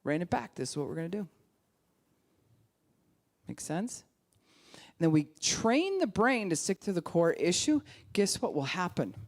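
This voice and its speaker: A woman pastor giving a conversational sermon, animated, acting out quoted voices and sometimes dropping to a hushed, calm tone. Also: fairly low pitch, measured pace, long pauses.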